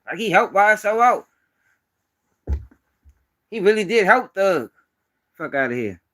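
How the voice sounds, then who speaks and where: A man's voice: high-pitched, a little slow, pushed and bright. A man from Baltimore giving blunt, profane street news commentary on a casual live stream. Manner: blunt, profane, emphatic ranting.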